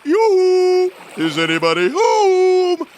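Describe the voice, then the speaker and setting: A gentle, lonely lady whale from a storybook, played by a man calls out in a high, lilting, sing-song voice. She stays eager and friendly, her pitch swooping up and down. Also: wildly swooping pitch, slow, a little hiss or hum, heavily acted. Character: friendly sad female blue whale.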